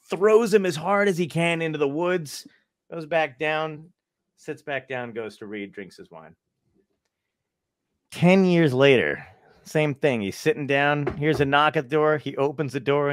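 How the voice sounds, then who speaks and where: A man's voice: fairly high pitch, moderate pace, no echo, clean studio sound. A man on a podcast, chatting casually and telling dumb animal jokes, laughing often and acting out the voices in them. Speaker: podcast guest. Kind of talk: casual chat, joke telling.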